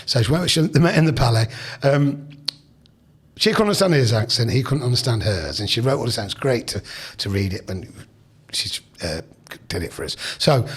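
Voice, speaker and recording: Husky-voiced man in his sixties reminiscing. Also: medium pitch, big pitch swings, a little fast. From England. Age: 60s. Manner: rambling, chatty, with restarts and asides. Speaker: podcast guest. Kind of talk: casual storytelling.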